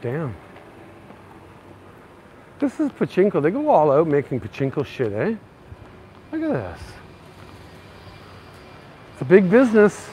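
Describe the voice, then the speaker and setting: A Canadian man narrating a casual walking tour of city streets, chatty and excitable. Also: a little high, unhurried, long pauses. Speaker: vlogger. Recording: faint outdoor street noise. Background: faint traffic and street noise.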